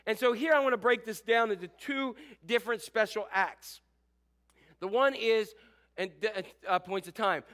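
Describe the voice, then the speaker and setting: Man, middle-aged, pastor, sermon, high-pitched, animated, joking. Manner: animated, joking with the congregation, acts out quotes.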